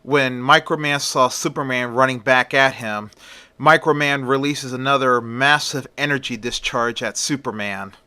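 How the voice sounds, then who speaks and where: A man's voice: mid-range voice, moderate pace, pushed and bright, slight background noise. A man casually retelling a superhero story in a plain, conversational way.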